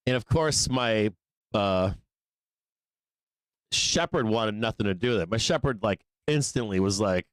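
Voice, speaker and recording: A man's voice: fairly low pitch, lively intonation, measured pace, long pauses, no echo. A man hosting a live trading show, telling a long story in a casual, profane, rambling way, laughing often between lines. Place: studio office.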